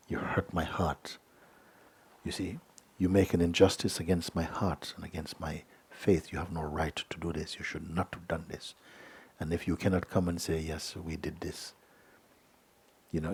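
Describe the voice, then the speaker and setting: A middle-aged man teaching as a spiritual teacher at a satsang, speaking gently and unhurriedly, often checking in with "you see?" and sometimes sinking to a soft whisper. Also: sits low, breathy edge. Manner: drops to a soft whisper at times. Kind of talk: satsang talk answering a letter.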